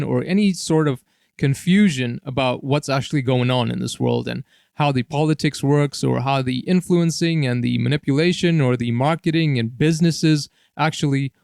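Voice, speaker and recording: In a clean studio recording with no room sound, this solo commentary host has a mid-range voice that is creaky and a little mellow. He talks politics repetitively, piling up list phrases and checking in often with "all right?".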